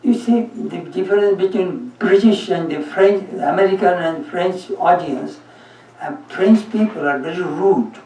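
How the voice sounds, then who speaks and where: Monk giving a talk, slow and amused, heard from afar in an echoey hall. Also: male voice, high voice, a little mellow. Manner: humorous storytelling, often laughing. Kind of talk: anecdotal spiritual talk. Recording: echoey room, mic far off.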